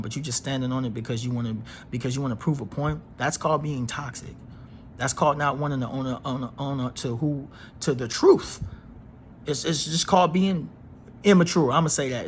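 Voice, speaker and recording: A man's voice: medium pitch, slight background noise. A man giving a casual astrology reading to his viewers in an emphatic, preachy way. He repeats phrases and uses slang. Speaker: astrology reader.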